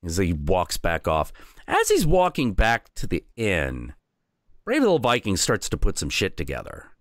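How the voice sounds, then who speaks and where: Guy retelling a story on stream, crude, super animated, dry close mic. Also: sits low, unhurried, dry recording. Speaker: streamer host.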